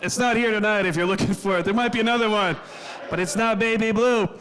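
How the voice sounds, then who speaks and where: A man doing a stand-up set on a club stage, telling crude, self-deprecating stories in a deadpan way and acting out what people said. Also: high voice, fast, a little hiss or hum. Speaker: stand-up comedian. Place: comedy club stage before a live audience. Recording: live club recording with crowd laughter. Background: audience laughing.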